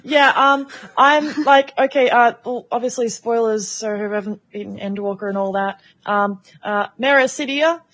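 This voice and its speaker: Woman, co-host, casual chat, chatty, easy laugh, slightly high voice. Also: moderate pace, hardly any pauses, a bit bright. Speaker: community show co-host.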